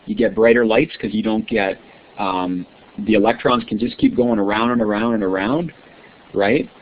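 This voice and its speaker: A man's voice: fairly low pitch, normal speed. A male teacher giving an online science lesson, quizzing his students in a friendly way and often checking with "right?". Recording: tinny lo-fi line with faint hiss.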